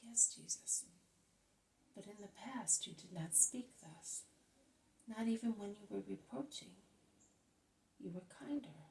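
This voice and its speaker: A woman's voice: fairly low pitch, measured pace, pauses often, warm tone, a little hiss or hum. A woman voicing a worried adult man who questions anxiously and pleads, read as part of a storybook. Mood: pleading. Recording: voice slightly distant from mic.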